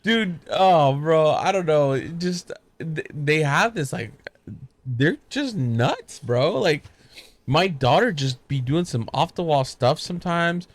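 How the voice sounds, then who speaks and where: A man's voice: on the high side, lively intonation, slow pace. A young father hosting a casual podcast chat, animatedly telling stories about his kids and acting out their voices. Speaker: podcast host.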